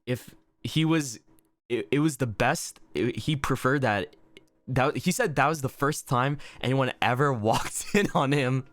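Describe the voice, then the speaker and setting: A young man telling a story in a casual vlog, laughing often, swearing freely and talking with animated energy. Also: medium pitch, a little slow, no room sound. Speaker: vlogger. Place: inn room indoors.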